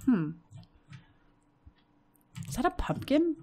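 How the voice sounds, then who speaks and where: An American woman hosting a casual let's-play, chatting with her game characters and breaking into quick bursts of excitement. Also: high-pitched, slight background noise. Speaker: gaming channel host.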